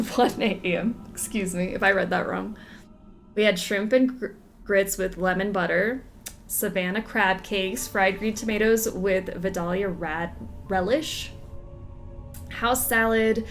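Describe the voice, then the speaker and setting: A young woman chatting through a video game playthrough, giggly and second-guessing herself. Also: medium pitch. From Southern United States. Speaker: game streamer. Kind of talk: casual let's-play commentary.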